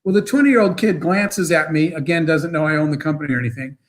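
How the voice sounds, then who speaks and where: A man, a guest entrepreneur, telling motivational stories in an interview in an animated, quick way. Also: on the high side, poor audio. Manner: animated, fast storyteller with bursts of laughter.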